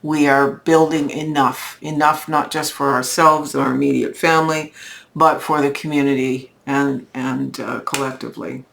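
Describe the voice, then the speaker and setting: A woman giving a weekly tarot card reading in a slow, reflective, spiritual manner. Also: rumbling low, steady tone, vocal fry, fairly bright tone. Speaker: tarot reader.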